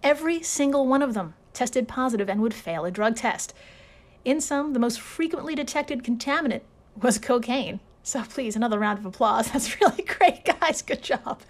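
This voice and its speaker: Woman, podcast host, slightly high voice, casual, sarcastic, sweary, laughs a lot.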